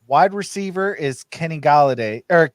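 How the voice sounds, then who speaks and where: A man hosting a casual sports podcast, talking fast with frequent restarts and laughs. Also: on the high side, lively intonation, dry recording. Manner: stammers and restarts, laughs often. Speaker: podcast host.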